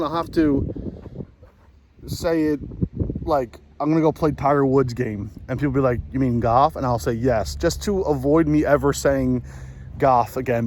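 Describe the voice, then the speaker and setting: Playing a round of golf outdoors, a vlogger in his late twenties with a New Jersey accent rambles through self-deprecating stories, restarting and using fillers often. He speaks at medium pitch, and a faint hiss or hum runs under the recording.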